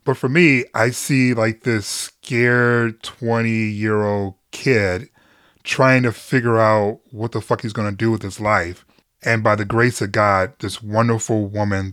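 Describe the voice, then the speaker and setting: A man's voice: lowish voice, fairly bright tone, no room sound, studio quality. A middle-aged man speaking as a podcast guest, telling personal stories candidly and earnestly, laughing easily and swearing casually. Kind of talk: candid conversational storytelling.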